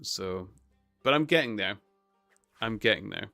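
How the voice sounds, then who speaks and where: A man chatting casually with his viewers on a live stream, relaxed and chuckling. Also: on the low side, measured pace, vocal fry, no room sound, faint music behind. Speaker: livestreamer.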